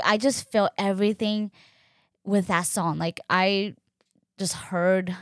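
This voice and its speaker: A young woman telling a personal story in a casual, animated way, acting out quoted dialogue and using lots of fillers. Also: on the low side, no room sound, studio quality. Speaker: podcast host.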